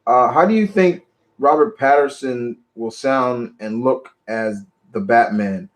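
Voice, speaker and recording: A man hosting a casual live chat about movies, talking in an animated, rambling way with lots of restarts. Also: medium pitch, unhurried. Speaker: show host.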